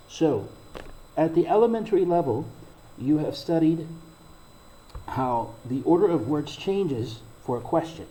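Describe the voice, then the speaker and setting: Mellow-voiced man teaching English grammar. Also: mid-range voice, animated, a little hiss or hum, poor audio. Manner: slow, deliberate explaining with read-out examples. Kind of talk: recorded grammar lesson.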